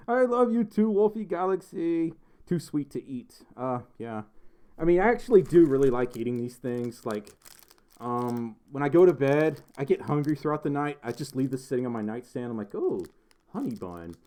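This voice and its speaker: A man's voice: medium pitch, animated, normal speed, mellow, smooth. Giggly, rambling young male streamer. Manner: rambling, giggly, lots of ums and restarts. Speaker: livestream host. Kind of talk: casual livestream chat reading viewer messages.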